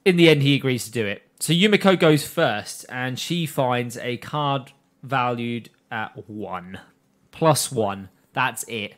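A man's voice: mid-range voice, expressive, unhurried. A man on a casual podcast, summarizing an anime plot, laughing and swearing with friends. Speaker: podcast host. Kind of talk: casual recap chat.

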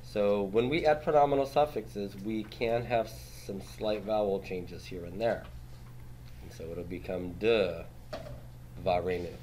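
Lower-voiced man teaching a class. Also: a little slow, a little mellow, slight background noise. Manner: quizzes students, tags statements with "right?"; patient, steps through rules on a board. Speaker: Hebrew grammar teacher. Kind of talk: classroom lecture.

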